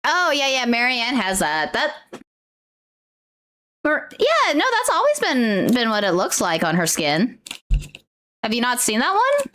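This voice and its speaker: A woman's voice: fairly high pitch, unhurried, long pauses. A woman streamer chatting casually on a livestream while unboxing merch. She gushes and exclaims often. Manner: gushing, excitable, exclaims often.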